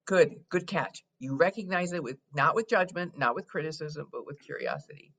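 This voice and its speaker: A middle-aged woman, a wealth coach, explaining her method in a steady teaching tone as a podcast guest. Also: deep voice, moderate pace. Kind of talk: podcast interview.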